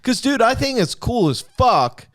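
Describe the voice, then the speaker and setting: A man hosting a podcast in casual chat, excitable and heavy on profanity. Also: very high voice, a little slow, no room sound, studio quality. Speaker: podcast host.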